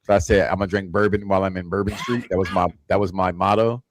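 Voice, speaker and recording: A man's voice: deep voice, steady tone, fast talker, a little hiss or hum. A man co-hosting a casual gaming podcast, joking and teasing in loose banter. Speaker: podcast co-host.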